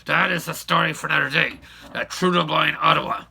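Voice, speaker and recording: A man's voice: a little high, quick pace, vocal fry, very noisy. An older man telling a rambling, opinionated recollection in a folksy, casual way, repeating points for emphasis. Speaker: YouTube storyteller.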